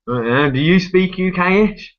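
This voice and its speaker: A man's voice: high-pitched, lively intonation, unhurried, highs cut off. Rambling Englishman with "right, yeah?" tags. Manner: rambling, tag questions, frequent swearing. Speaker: group discussion speaker. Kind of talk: rambling casual argument.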